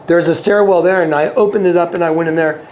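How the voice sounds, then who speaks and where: A man's voice: fairly high pitch, steady tone, quick pace, darkish tone, slight background noise. A man telling a personal story as an interview guest, earnest, often repeating himself and acting out quoted dialogue. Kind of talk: casual storytelling.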